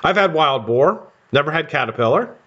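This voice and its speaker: A man's voice: fairly high pitch, expressive, moderate pace, fairly bright tone, husky. An American man hosting a live stream, chatting casually and rambling with casual swearing while he builds coils. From United States. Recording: dull lo-fi stream audio.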